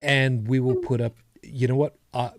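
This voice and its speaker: A man's voice: medium pitch, steady tone, moderate pace, no echo. A man co-hosting a podcast, chatting casually with a rambling, self-correcting manner and dry humor. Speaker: podcast co-host. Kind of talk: casual chat.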